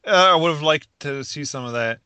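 Bright-voiced man ranting casually. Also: on the high side, a little fast, clear, resonant tone, dry recording. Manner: rambling, frequent restarts, laughs at own jokes. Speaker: podcast co-host. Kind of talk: casual chat.

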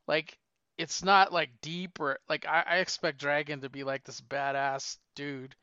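A man's voice: a little high, flat delivery, measured pace, sharp tone, clear, resonant tone, dry recording, highs cut off. A man in casual podcast chat who talks eagerly and often repeats his first words. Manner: eager, talkative, repeats words when starting.

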